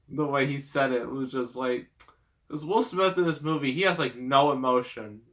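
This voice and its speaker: A man's voice: mid-range voice, fairly even intonation, moderate pace, fairly bright tone. A man giving a casual, rambling movie review, sarcastic, with lots of fillers.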